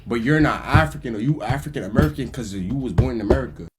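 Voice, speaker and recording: A man's voice: mid-range voice, fast talker, a crowd in the background. A man arguing insistently, repeating his point in a casual back-and-forth. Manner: insistent, repetitive. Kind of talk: casual argument.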